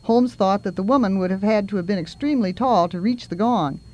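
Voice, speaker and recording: A relaxed, even narration of a story, read aloud at a middling pitch. The delivery is plain and unhurried. It sounds like a storybook read-aloud. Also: lo-fi sound. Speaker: reader.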